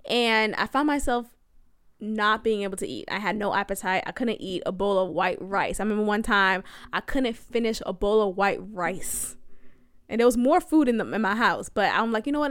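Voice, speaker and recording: A woman's voice: a little high, fairly bright tone, dry recording, clean studio sound. A young woman hosting a podcast, telling a personal story in a chatty way, often laughing and talking straight to her listeners. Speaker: podcast host. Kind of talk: casual storytelling monologue.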